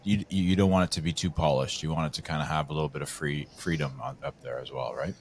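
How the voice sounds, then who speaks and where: A man's voice: rumbling low, fairly even intonation, fast talker, a little hiss or hum. A man hosting a podcast, asking rambling questions and restarting them often. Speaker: podcast host. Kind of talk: casual interview questions.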